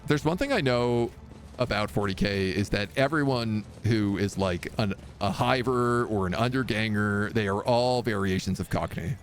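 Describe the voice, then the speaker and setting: A man's voice: on the low side, moderate pace, a little hiss or hum. A man streaming a video game, giving casual, jokey commentary with playful asides.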